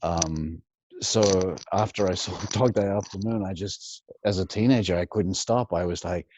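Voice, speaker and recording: An Australian man appearing as a guest impressionist chats through stories in a casual interview, frequently laughing and repeating words as he begins. His voice sits low and is a little mellow, with fairly even intonation and a moderate pace.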